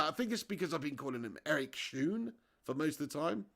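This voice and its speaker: A fairly high-pitched man talks casually into his streaming mic, thanking viewers and reading their chat messages aloud. His delivery is loose and friendly, broken up by frequent laughs. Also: animated, brisk, vocal fry, fairly bright tone. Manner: chatty, reads viewer comments aloud, laughs often. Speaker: live stream watch-along host. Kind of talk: casual live-stream chat and match commentary.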